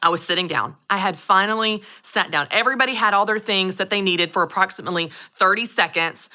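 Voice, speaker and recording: A woman, hosting her own show and telling stories in a lively way. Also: mid-range voice, fast. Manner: animated storytelling, acts out voices. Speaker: show host. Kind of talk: upbeat solo podcast talk.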